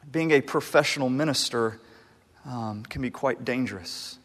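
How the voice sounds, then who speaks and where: A married man preaching a sermon as a pastor, talking in a conversational, animated way with frequent restarts. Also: medium pitch, normal speed. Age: adult, married. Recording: long hall reverb.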